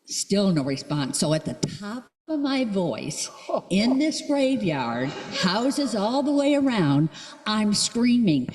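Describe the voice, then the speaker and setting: An older woman telling a lively story at a church service, acting out the voices she quotes. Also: medium pitch, takes it slowly. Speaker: congregant sharing a story. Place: church sanctuary. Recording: long reverb of a church hall.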